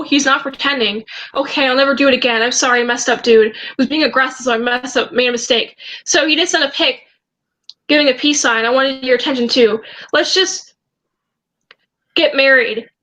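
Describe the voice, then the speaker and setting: A young woman vlogger telling a story in a casual way, reading out chat messages and often pausing to hesitate and restart. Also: high-pitched, fairly even intonation, fairly bright tone, poor audio. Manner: hesitant, halting, with many ums and restarts.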